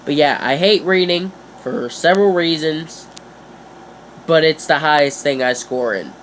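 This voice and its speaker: Animated teenage boy vlogging. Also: unhurried, slight background noise. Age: teens. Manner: animated, playful, jumps pitch for emphasis. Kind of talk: casual chat to camera.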